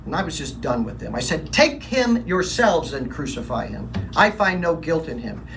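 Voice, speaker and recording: A brooding middle-aged Roman governor, played by a man, recounts events in a confessional monologue, defensive and troubled, with his own quoted words delivered emphatically. The voice sits a little high for a man. It is heard from a distance, with a faint hiss behind it. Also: sing-song, normal speed, fairly bright tone. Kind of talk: first-person dramatic monologue.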